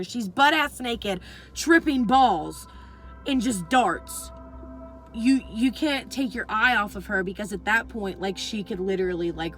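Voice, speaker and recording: Young adult female vlogger, loose rambling storyteller, heavy profanity, soft music bed underneath. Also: mid-range voice, low-quality recording. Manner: swears freely, rambling with constant fillers. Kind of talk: casual storytelling.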